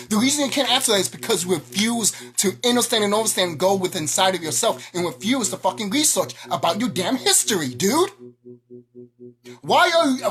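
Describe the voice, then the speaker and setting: A woman ranting to her viewers in an angry, confrontational way, swearing freely. Her pitch leaps up and down as she presses each point. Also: fairly bright tone. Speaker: vlogger. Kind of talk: ranting monologue to camera.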